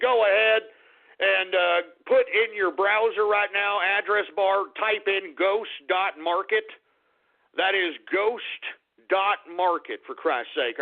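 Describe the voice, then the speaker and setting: A male radio host with a raised, gravelly voice, grumbling and cursing as he wraps up his show. His sound is thin and lo-fi, like it comes over a phone line. The delivery is ranting talk radio, exasperated and blunt. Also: sits high. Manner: gruff, exasperated, swearing.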